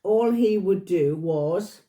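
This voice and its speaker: A woman's voice: fairly low pitch, slow pace, mellow. A woman in her seventies, a vlogger chatting casually at home and telling stories with frequent laughs. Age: 70s. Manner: chatty storyteller, laughs often. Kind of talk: casual chat. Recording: echoey room.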